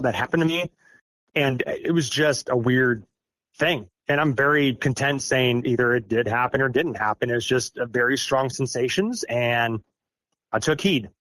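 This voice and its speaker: A man's voice: medium pitch, normal speed, fairly bright tone, no echo. Rambling man from Iowa, dry sound. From Iowa, United States. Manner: rambling, self-deprecating, with frequent fillers. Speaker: guest recounting an encounter. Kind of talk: casual storytelling.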